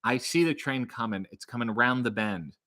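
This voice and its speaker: A man casually chatting and reading viewer comments aloud on a live stream, joking and animated. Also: medium pitch, a little fast. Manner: animated, jokey, reads comments aloud in a bright upbeat voice.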